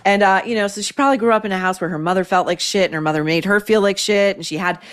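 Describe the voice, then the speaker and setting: A woman's voice: medium pitch, steady tone, racing, clear, resonant tone. Blunt, sarcastic woman host. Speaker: podcast host. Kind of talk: opinionated commentary.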